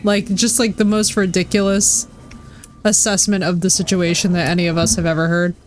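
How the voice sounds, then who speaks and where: A woman's voice: fairly low pitch, level tone, normal speed, a little hiss or hum. A woman live-streaming a game in casual chat, swearing freely and filling her talk with "like". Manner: chatty, swears freely, says "like" constantly. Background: faint game music.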